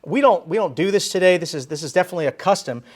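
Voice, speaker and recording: A man preaching a sermon in a church, animated and emphatic, stressing his key phrases. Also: sits high, racing. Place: church sanctuary.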